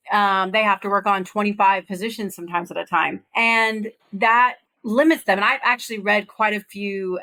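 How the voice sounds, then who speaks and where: A woman in her thirties, a recruiting firm founder, talking casually as a podcast guest and telling stories with lively quoted voices. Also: mid-range voice. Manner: conversational, animated storytelling with quoted voices. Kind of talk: podcast interview.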